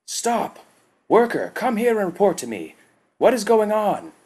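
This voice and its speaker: A man's voice: deep voice, moderate pace, close to an everyday voice. Stern insectoid alien commander, audiobook, barking orders, performed by a man. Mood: shouting.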